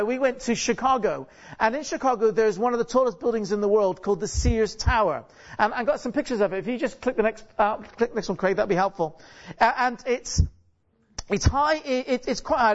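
Chatty man preaching, dull lo-fi sound. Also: very high-pitched. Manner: chatty, jokey, asks the congregation many rhetorical questions; frequent restarts and repeated words. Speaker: guest preacher. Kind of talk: conversational sermon. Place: church, on a stage. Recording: dull lo-fi recording.

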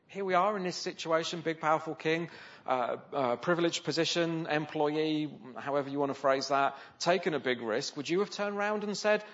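A man's voice: fairly high pitch, moderate pace, fairly bright tone. Conversational man preaching a sermon. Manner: conversational, with rhetorical questions. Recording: slightly dull, lo-fi sound.

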